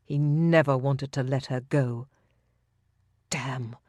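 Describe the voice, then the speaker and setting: A woman narrating a historical romance audiobook in a smooth, expressive storytelling manner. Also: very deep voice, slow pace, dry recording.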